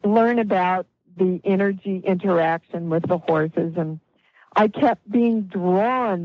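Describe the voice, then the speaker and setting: A middle-aged or older woman, a guest healer, telling a story in an interview with animated delivery and acted-out quotes. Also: medium pitch, dry recording, phone-quality sound.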